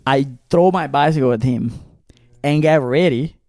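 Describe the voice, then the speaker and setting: A young man from Brazil co-hosting a podcast, telling a story in a casual, animated way, acting out the people in it and swearing freely. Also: medium pitch, normal speed, dry recording, studio quality. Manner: animated, acts out quoted voices, swears freely. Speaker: podcast co-host.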